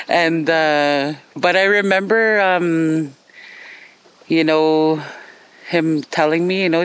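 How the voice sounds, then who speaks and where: A woman's voice: deep voice, fairly even intonation, unhurried, smooth, poor audio. A middle-aged woman from Canada, speaking in a reflective documentary interview, hesitant, with many fillers and restarts.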